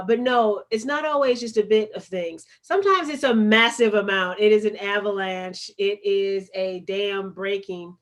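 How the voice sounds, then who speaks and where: A woman with a Chicago accent, a poet and activist telling her story as a guest in an interview, earnest and emphatic. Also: mid-range voice. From United States.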